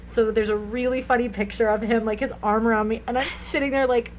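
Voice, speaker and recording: A woman's voice: on the high side, steady tone, fairly quick, a little hiss or hum, poor audio. A young woman co-hosting a podcast, telling a rambling, giggly anecdote full of "like"s in casual chat. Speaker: podcast co-host.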